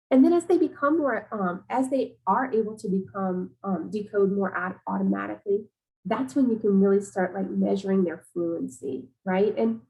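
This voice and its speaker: A woman walks teachers through classroom practice in an easygoing, chatty webinar voice. She talks casually and fills her pauses with "um" and "you know". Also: mid-range voice, creaky, a little mellow, rough recording. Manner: casual, conversational, many fillers. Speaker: teacher trainer. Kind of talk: professional development webinar talk.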